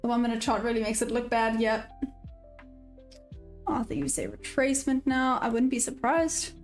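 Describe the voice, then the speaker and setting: A woman's voice: on the high side, fairly even intonation, moderate pace, soft background music. A South African woman trading live on stream, chatting casually and answering viewers' messages. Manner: chatty, reads chat aloud and answers viewers. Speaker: livestream day trader.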